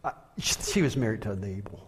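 A man preaching a sermon in a conversational, animated way, telling stories and acting out the quotes. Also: lowish voice, fast talker, husky. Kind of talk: sermon with storytelling. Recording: long hall reverb.

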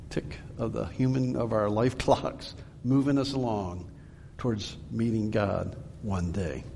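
A man's voice: on the low side, gravelly, warm tone, slight background noise. Earnest male preacher with long reverb. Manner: earnest, emphatic, slows for scripture readings. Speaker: pastor. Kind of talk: sermon, Bible teaching.

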